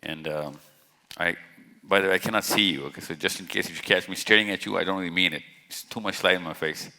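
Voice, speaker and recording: Bright-voiced man speaking in a hall. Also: low-pitched, fast talker, gravelly. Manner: chatty, jokey, questions the audience directly. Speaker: speaker at a live event. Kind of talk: casual talk to a live audience. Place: large hall with stage lights. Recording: long hall reverb.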